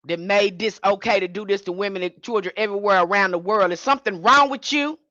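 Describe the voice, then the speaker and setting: A woman's voice: medium pitch, fast, sharp tone, no echo, muffled recording. A woman giving an impassioned livestream sermon as a spiritual teacher, speaking in a fiery, confrontational way and repeating her points.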